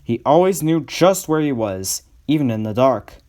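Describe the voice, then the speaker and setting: A man reading a storybook aloud as the narrator, in a measured, even way. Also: mid-range voice.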